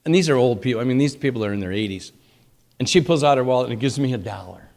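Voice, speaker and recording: An older man giving an informal sermon, telling lively stories and acting out the people he quotes. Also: mid-range voice, quick pace, gravelly. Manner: animated storytelling, acts out quoted people. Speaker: speaker at a temple class.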